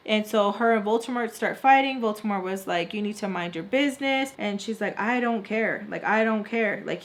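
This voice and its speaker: A woman's voice: medium pitch, fairly bright tone. Young woman, casual storytime vlog, chatty, lots of "like", acts out quotes. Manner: chatty, heavy use of "like", acts out quoted lines. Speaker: vlogger.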